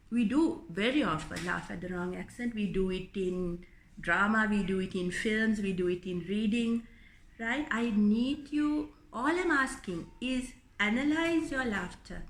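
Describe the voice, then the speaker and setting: A woman's voice: high-pitched, roomy sound. A woman with a Sri Lankan English accent, an English lecturer giving earnest advice in an educational talk, often restarting her sentences. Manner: earnest, advising, many restarts.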